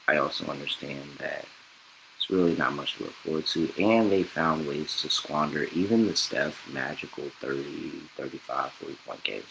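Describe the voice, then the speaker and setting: A man's voice: very deep voice, creaky, background noise. A man hosting a sports betting podcast, talking casually and rambling, correcting himself as he goes and reading ads. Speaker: podcast host.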